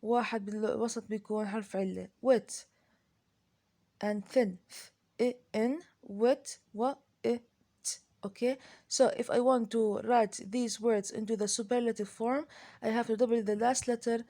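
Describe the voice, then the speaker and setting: A woman with an Arabic accent teaching an English grammar lesson, speaking slowly and deliberately, with many pauses, fillers and restarts, and switching into Arabic to explain. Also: fairly high pitch, fairly even intonation, dark tone.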